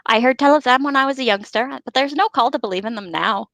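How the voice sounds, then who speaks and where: A woman's voice: sits high, fast, a bit bright, no room sound. A woman voicing a skeptical young male hobbit in a put-on rustic voice while reading aloud. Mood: scoffing. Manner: scoffing and dismissive. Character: grumpy skeptical male hobbit miller's son.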